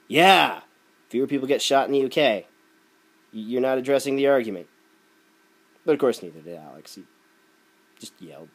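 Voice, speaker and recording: A man's voice: medium pitch, animated, moderate pace, pauses often. A man delivering a sarcastic, ranting opinion commentary. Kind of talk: opinion rant video.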